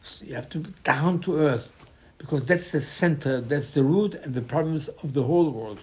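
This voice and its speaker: A man in gives a Torah sermon, telling stories with sudden loud bursts and hushed asides. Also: a little high, normal speed. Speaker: rabbi teaching Torah.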